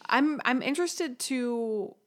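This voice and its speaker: A woman's voice: high-pitched, slow. A woman co-hosting a podcast, chatting casually and sometimes restarting her sentences. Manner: conversational, hesitant restarts. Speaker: podcast co-host. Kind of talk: casual chat.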